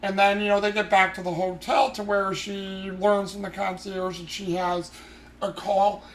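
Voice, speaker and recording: A man's voice: high-pitched, level tone, moderate pace. Rambling man recapping an anime, echoey room. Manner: rambling, many fillers and restarts. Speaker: podcast host. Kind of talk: casual anime recap chat. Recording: roomy echo.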